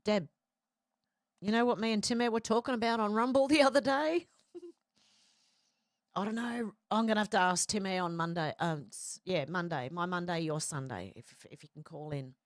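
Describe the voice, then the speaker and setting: A woman's voice: medium pitch, moderate pace, no room sound, studio quality. Chatty woman reading livestream comments. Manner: rambling, with fillers and restarts. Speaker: livestream host reading chat. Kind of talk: casual livestream chat.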